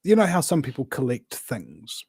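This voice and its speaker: A New man talking as a guest, voice of medium pitch. He rambles and presses his points with lots of fillers and restarts. The sound is close and dry, with no room around it. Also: huge pitch swings, moderate pace, darkish tone, breathy edge, dry recording. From New Zealand. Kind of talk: casual conversation.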